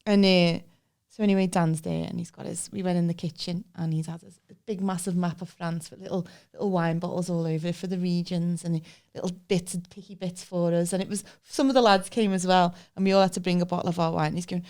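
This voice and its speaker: Fairly low in pitch and quick-paced, this woman co-hosts a podcast and swaps funny stories in a relaxed chat, bringing their characters to life with animated voices.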